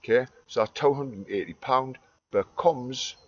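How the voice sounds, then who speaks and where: A man's voice: mid-range voice, normal speed, muffled recording. A man in a sweary, rambling monologue that swings between muttering and ranting.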